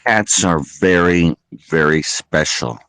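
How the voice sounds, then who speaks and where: A man joining a casual talk show, speaking deliberately and agreeing with the host. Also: low voice, gravelly, fairly bright tone, smooth, no echo, low-quality recording. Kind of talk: casual chat.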